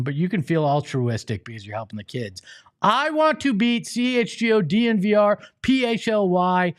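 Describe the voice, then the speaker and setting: A man hosting a sports talk show, talking energetically and rambling with quick restarts and chuckles. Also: sits high, no echo, clean studio sound. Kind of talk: casual sports talk with live charity appeal.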